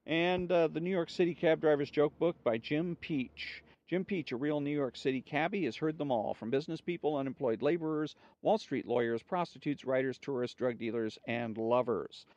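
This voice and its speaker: A man hosting a story podcast, reading jokes aloud in an unhurried, conversational way. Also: mid-range voice, a little mellow, no room sound, dull audio.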